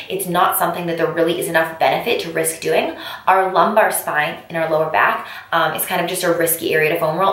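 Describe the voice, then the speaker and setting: A woman's voice: fairly low pitch, fairly bright tone. A woman fitness instructor demonstrating a workout on the floor, coaching viewers in an upbeat way as "you guys". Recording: very echoey room, mic far off.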